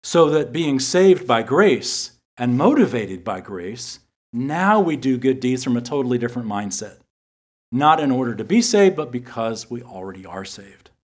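A man teaching from scripture in an earnest sermon style, reading verses slowly and repeating key phrases for emphasis. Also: medium pitch, big pitch swings. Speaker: Bible teacher.

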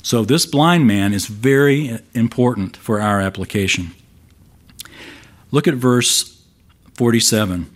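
A man's voice: mid-range voice, measured pace, long pauses. A man pastor preaching an expository sermon, emphatic and asking rhetorical questions of his listeners. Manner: emphatic, shifts volume for stress.

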